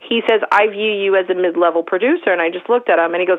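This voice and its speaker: A woman's voice: medium pitch, quick pace, few pauses, highs cut off. A woman in her fifties from Long Island, a film producer talking as a guest in a casual interview, rambling with many restarts and fillers. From Long Island, New York. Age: 50s. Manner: rambling, full of restarts and "like", animated when moved. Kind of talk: casual conversation.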